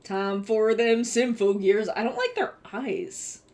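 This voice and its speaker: A young woman talks casually to her live-stream viewers. Her voice sits a little high and she speaks slowly, then breaks into excited, swearing outbursts. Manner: excitable, swearing, bursts of gushing.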